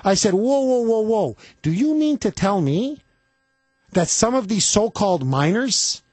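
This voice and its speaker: Emphatic talk radio host, high lively voice. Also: male voice, unhurried, husky, no room sound. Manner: emphatic, indignant, repetitive. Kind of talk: political talk radio monologue. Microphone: studio microphone.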